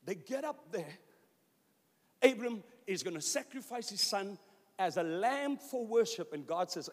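A man's voice: high voice, sing-song, unhurried. A man in his fifties preaching a sermon in a church with impassioned delivery, voicing God's words in quotes. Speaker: pastor. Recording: long reverb of a church hall.

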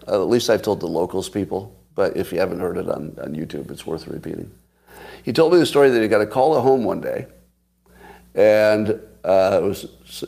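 A man's voice: on the low side, gravelly, darkish tone, breathy edge. A man in his sixties hosting a casual livestream, chatting and laughing as he tells stories to viewers. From United States. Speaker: podcast host.

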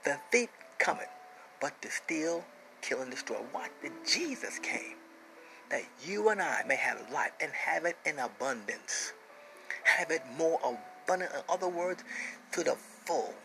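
Gravelly, bright-voiced male preacher. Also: on the high side, a little hiss or hum, poor audio. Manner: emphatic, repeats phrases, swings from loud declarations to hushed whispers. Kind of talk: sermon.

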